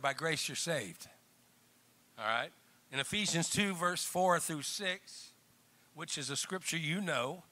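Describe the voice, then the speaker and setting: A male pastor preaching a sermon, swinging from emphatic loud bursts to quiet chuckling asides and calling out to the congregation. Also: on the high side.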